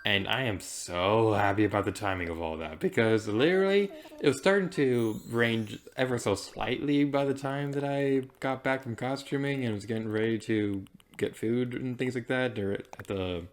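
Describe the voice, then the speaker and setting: Woman, very deep voice, casual game commentary, rambling, tangents, giggly asides. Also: normal speed, few pauses. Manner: chatty, rambling, goes off on tangents. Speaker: let's play host.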